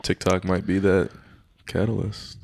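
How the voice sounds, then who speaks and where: A man with a very low voice co-hosting a casual podcast among friends. He speaks bluntly and matter-of-factly, stating his views flatly. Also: unhurried, gravelly, dry recording. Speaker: podcast co-host.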